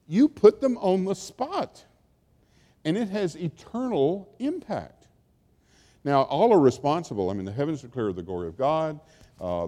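Mellow-voiced pastor preaching in a hall. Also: male voice, mid-range voice. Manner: conversational storytelling with acted-out quotes. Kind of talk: sermon. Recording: long hall reverb.

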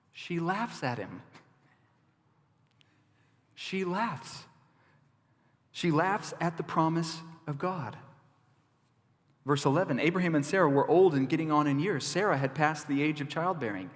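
A male pastor delivers an animated, emphatic sermon with conversational asides in a church. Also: a little high, long reverb tail.

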